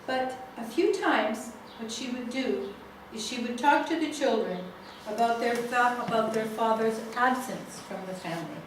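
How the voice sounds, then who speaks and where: A woman leading a family constellation seminar, telling a case story slowly with many restarts. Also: a little high, slight background noise. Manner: slow, halting storytelling with restarts. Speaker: seminar facilitator. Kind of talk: guiding a family constellation exercise. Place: seminar room. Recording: echoey room, far from mic.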